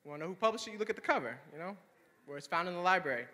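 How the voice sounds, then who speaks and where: Young man, stand-up comedian, high voice, animated storytelling, long hall reverb. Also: rapid-fire. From Swannanoa, North Carolina. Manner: animated storytelling, acting out friends in higher voices. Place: campus performance hall.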